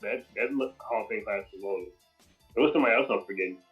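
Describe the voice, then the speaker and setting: A man co-hosting a casual wrestling podcast, chatting in a quick, offhand way. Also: lowish voice, a bit bright, faint music behind. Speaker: podcast co-host. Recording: dull, lo-fi sound.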